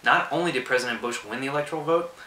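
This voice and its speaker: A man in his twenties talks in a bright, forceful voice, measured and persuasive. He is set back from the mic in an echoey room. Faint hiss sits under him. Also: medium pitch, distant mic. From Austin, Texas. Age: 20s. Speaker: political commentator. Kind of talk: earnest scripted video address.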